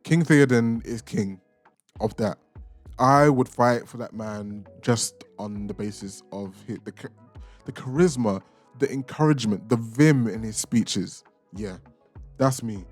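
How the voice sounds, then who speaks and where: A man's voice: on the low side, unhurried, faint music behind. A young man hosting a reaction channel, casually ranking film characters with playful, opinionated jabs. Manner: chatty, opinionated, playfully insulting.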